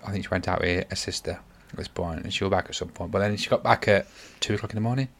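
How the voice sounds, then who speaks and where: Low-voiced rambling dad. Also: male voice, fast, creaky, fairly bright tone. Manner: rambling, self-correcting storyteller. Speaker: podcast host, father. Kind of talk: casual family chat.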